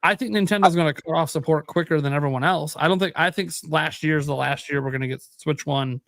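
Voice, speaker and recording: A man's voice: on the high side, quick pace, vocal fry, fairly bright tone, dry recording. Rambling man on a gaming podcast. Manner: rambling, restarts, thinks aloud with numbers. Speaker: podcast co-host. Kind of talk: casual podcast chat.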